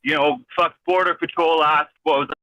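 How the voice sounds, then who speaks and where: A man's voice: fairly high pitch, steady tone, moderate pace, dry recording. A man on a phone call from his vehicle, ranting in an agitated, rambling, swearing way with many restarts. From Canada. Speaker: caller. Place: in a vehicle driving.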